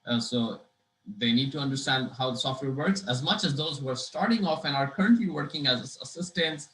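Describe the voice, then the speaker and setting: A man's voice: mid-range voice, fairly quick, a bit bright. A man hosting a professional webinar, speaking in a rambling, hesitant way full of "uh"s, with a dry throat, heard over a video call. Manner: rambling, hesitant, many uh fillers and restarts. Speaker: webinar host. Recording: echoey room.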